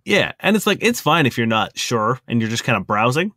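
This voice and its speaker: Lively, animated male podcast co-host. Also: medium pitch, fairly quick, no echo, studio quality. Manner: animated, emphatic, laughs easily. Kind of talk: casual chat.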